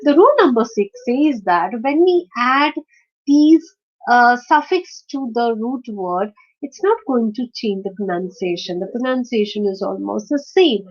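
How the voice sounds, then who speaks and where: Woman teacher going thru rules step by step, lots of uh's and right?s, kinda high voice, muffled lo-fi sound. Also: animated, a little slow. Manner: explains step by step with many fillers and checking questions. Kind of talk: online lesson on word stress. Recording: dull lo-fi recording.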